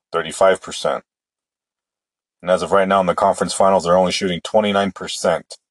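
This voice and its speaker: A deep-voiced man, recorded dry, hosts a casual solo sports podcast. He's opinionated and rambling, often restarting his sentences.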